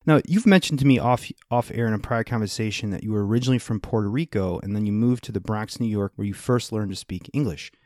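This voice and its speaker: A man's voice: lowish voice, fast talker, hardly any pauses, darkish tone, no echo, studio quality. Formal, deferential male interview host. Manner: formal and deferential, calls guest sir. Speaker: podcast host. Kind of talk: interview, reading a guest's biography.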